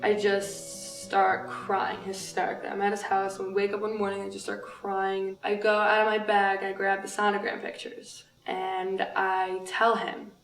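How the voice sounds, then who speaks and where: A woman, a birth mother, recounts her story in a documentary interview with a steady, flat delivery. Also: medium pitch, normal speed, hardly any pauses. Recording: roomy, distant mic with soft music.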